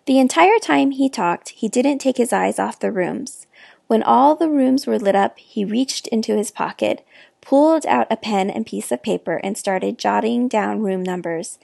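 A woman reading a children's novel aloud with expressive, clear narration. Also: on the high side, moderate pace, no echo, clean studio sound. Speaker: reader. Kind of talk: storybook read-aloud.

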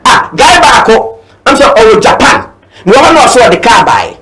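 A man's voice: very high-pitched, very animated, normal speed, bright, forceful tone, a little hiss or hum, rough recording. A Ghanaian man giving a fervent political talk, mixing Twi and English and repeating his points. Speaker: political commentator.

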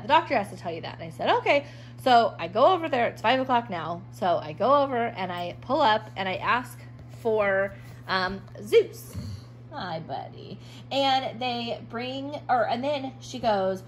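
A woman's voice: fairly high pitch, slight background noise, rough recording. A woman telling a casual storytime vlog about her dog, frustrated, acting out both sides of past conversations.

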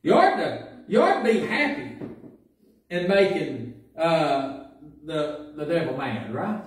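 A man preaching a sermon as pastor, telling folksy stories that build to loud preaching. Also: fairly high pitch, very animated, slow. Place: church sanctuary. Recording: echoey church recording from a distance.

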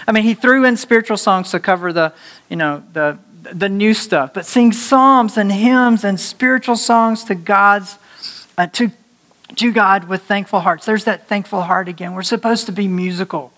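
A male pastor preaching a conversational sermon to his congregation, animated and joking, laughing at his own slips of the tongue. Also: high voice. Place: church sanctuary before a congregation.

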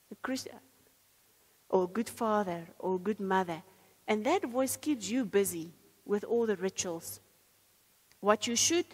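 A woman's voice: on the high side, slightly rough, big-room sound, low-quality recording. A woman preacher giving a sermon, reading scripture aloud and then explaining it earnestly.

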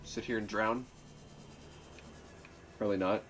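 A man hosts a let's play in a lowish, fairly even, unhurried voice while game music plays. His chatter is playful and casual, and he gushes at and talks to the creatures in the game.

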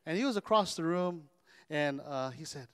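Man, pastor, high voice, animated sermon, call-and-response, big hall reverb. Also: normal speed, clear, resonant tone. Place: church sanctuary.

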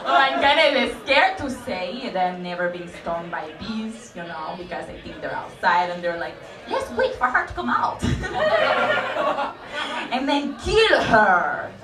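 A woman's voice: a little high, big pitch swings, slow, music in the background. A woman performing a giddy, scattered character on stage in a comedy club, giggling and rambling with fillers. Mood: giggly. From New York City. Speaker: stand-up comic. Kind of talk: character stand-up. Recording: echoey club from far off with loud crowd.

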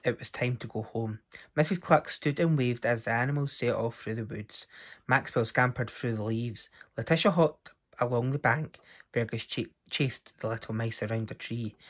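A man reading a children's story aloud, his mid-range voice lively and expressive. He tells the story with care, as for young listeners. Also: medium pitch, moderate pace.

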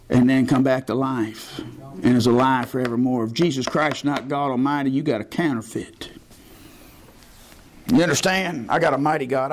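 Folksy preacher man. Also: fairly high pitch. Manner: calls out questions to the congregation; folksy storytelling. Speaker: pastor. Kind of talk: Baptist sermon.

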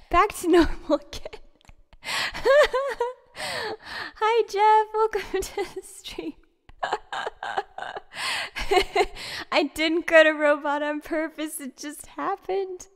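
A woman's voice: very high voice, very slow. A woman streamer chatting casually on a live music stream, laughing a lot and thanking viewers by name. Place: home streaming setup. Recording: long reverb with piano behind.

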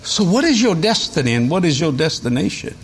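A man's voice: a little high, big pitch swings, brisk, slight background noise. A man, preaching a sermon in a folksy, storytelling way with chuckles. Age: 70s. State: has a cold.

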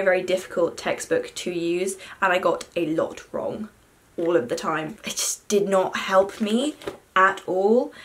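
Young woman vlogger, chatty and self-deprecating, mid-pitched, talking to camera at home. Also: a bit bright. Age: young adult. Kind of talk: casual chat to camera.

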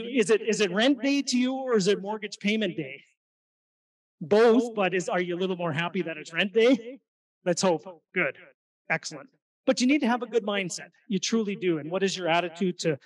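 High-voiced man speaking to a crowd. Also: distant mic, low-quality recording. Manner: energetic, conversational, addresses the crowd with questions. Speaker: real estate investing presenter. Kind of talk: live seminar talk to an audience. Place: meeting room at an investor event.

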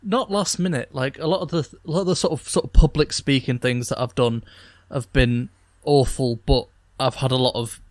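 A man with a medium-pitched voice co-hosts a podcast, speaking at normal speed with few pauses and no echo. The tone is casual and chatty, sprinkled with laughs and many "like" fillers.

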